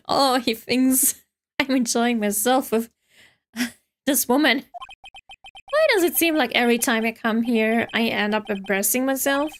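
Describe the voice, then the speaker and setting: A woman's voice: fairly high pitch, measured pace, pauses often, a little hiss or hum. A woman streamer giving casual, giggly commentary while playing a game, chatty and often correcting herself.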